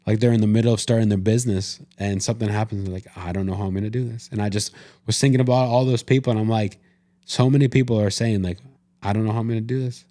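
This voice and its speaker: Quick-paced yet steady, this man's voice is fairly low and warm. As a podcast co-host in casual conversation, he recounts an experience, quoting what he told himself and starting sentences over again and again.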